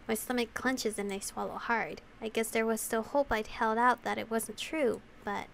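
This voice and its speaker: A woman's voice: fairly high pitch, fairly even intonation, normal speed, gravelly, hardly any pauses, fairly bright tone, a little hiss or hum. A woman playing through a visual novel, reading the narration aloud with feeling and adding giggly remarks. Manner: emotional reading with giggly asides. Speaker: video game player reading aloud. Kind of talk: visual novel let's play with commentary.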